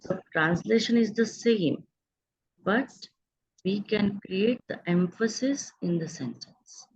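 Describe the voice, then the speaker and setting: Gravelly-voiced woman teaching grammar. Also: mid-range voice, takes it slowly, a little mellow, highs cut off. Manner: patient, explanatory, checks in with students. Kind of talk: online grammar lesson.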